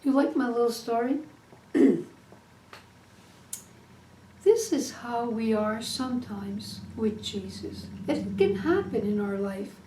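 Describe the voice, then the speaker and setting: A woman preaching a sermon, earnest and storytelling in manner, with a slow, lively delivery in an echoey room. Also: on the high side, slight background noise. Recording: echoey room, distant mic.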